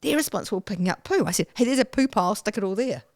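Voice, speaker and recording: A woman, a guest telling her story in a casual interview, animated and acting out her own past self with sudden squeals and whispers. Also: medium pitch, racing, noisy background.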